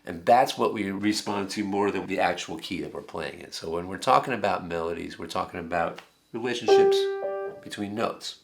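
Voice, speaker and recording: Speaking at a normal pace in a low-pitched, gravelly voice, a middle-aged man teaches a songwriting workshop, conversationally explaining concepts through piano demonstrations.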